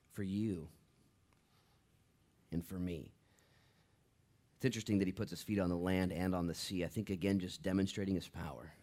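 A middle-aged pastor preaching a sermon, swinging from loud bursts to quiet, hushed asides. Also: male voice, low voice.

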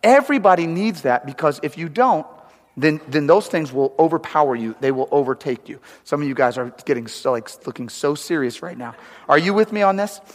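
Chatty pastor in an echoey church. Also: male voice, a little high, expressive, fairly quick. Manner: conversational, asks for agreement. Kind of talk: sermon.

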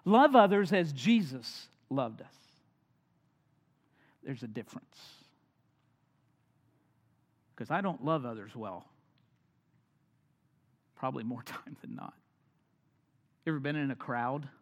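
A man preaching a sermon, swinging from loud emphatic lines down to hushed near-whispers. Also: medium pitch, animated, slow pace, long pauses. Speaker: pastor. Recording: long hall reverb.

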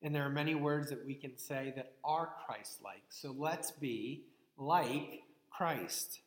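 A man preaching a sermon as a pastor, measured and earnest, posing rhetorical questions to his listeners. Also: mid-range voice. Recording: echoey hall with long reverb.

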